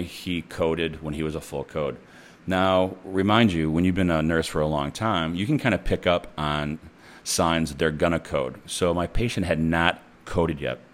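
A man who works as a nurse, telling a story in a casual, blunt and profane way. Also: extremely low pitch.

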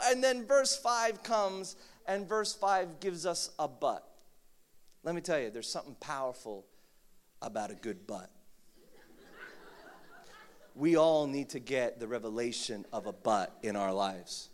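A man preaching a sermon with humor, swinging from quiet asides to shouted, dramatic prayers. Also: on the high side, expressive, normal speed, pauses often.

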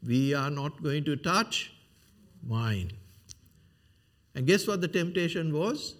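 A man's voice: fairly high pitch, animated, slow pace, a bit bright. A man preaching a sermon, retelling a Bible story with rhetorical questions and frequent fillers.

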